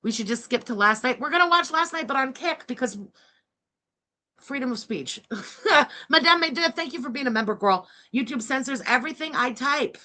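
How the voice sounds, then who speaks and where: Woman in her 40s, livestream reaction host, high bright voice, loud, profane, mocking. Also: expressive, moderate pace.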